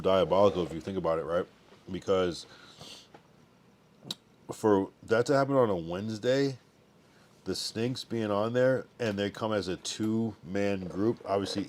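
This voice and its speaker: Low and darkish in tone, a young man's voice drifts through a casual livestream as he reads viewer comments. He's sleepy and yawns now and then, keeping things laid-back and drowsy with lots of slang and loose asides.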